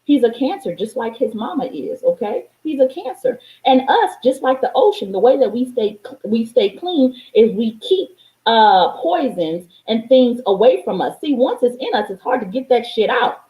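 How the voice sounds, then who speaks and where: Woman life coach going off to the camera, kinda high voice, says stuff twice for emphasis, swears a lot, echoey room. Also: big pitch swings, moderate pace, mellow. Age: adult, parent of a young child. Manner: emphatic, preachy, repeats lines for stress, swears freely. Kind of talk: motivational vlog monologue.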